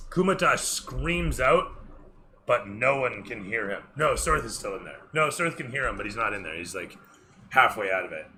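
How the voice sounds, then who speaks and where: A man's voice: medium pitch, animated, unhurried, long pauses, bright, forceful tone, slight background noise. A man narrating a tabletop game as dungeon master, with loose, rambling descriptions that he corrects as he goes. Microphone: streaming microphone.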